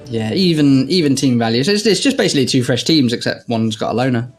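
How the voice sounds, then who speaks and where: A man's voice: medium pitch, lively intonation, quick pace, soft background music. A man casually commentating on a video game match, explaining tactics at length.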